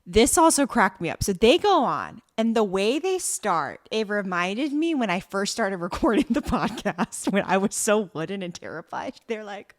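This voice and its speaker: A young woman co-hosts a podcast and retells a TV episode in an animated, casual way, swearing freely. Her voice is mid-pitched and swings widely up and down as she talks. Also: normal speed, hardly any pauses. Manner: animated storytelling, profane and laughing. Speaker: podcast co-host. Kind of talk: casual chat recapping a TV drama.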